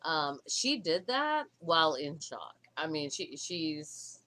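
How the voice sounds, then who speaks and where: A woman co-hosting a livestream, talking in a halting, emotional way with many restarts. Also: sits low, very animated, sharp tone. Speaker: livestream co-host. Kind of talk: casual livestream chat.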